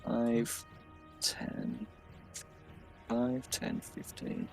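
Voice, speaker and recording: A man's voice: medium pitch, wildly swooping pitch, gravelly, a little mellow, soft background music. A man narrating as game master in a casual tabletop game, counting out moves as he goes. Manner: measured, counts movement squares aloud.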